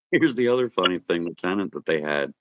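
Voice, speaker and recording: Male storyteller, wry and easygoing, very low voice, dry close mic. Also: animated, brisk, dry recording, muffled recording. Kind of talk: casual chat.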